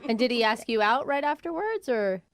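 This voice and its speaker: Radio co-host lady, kinda high, bouncy reactive voice. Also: big pitch swings, a little fast. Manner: reactive, amused. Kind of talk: morning radio banter.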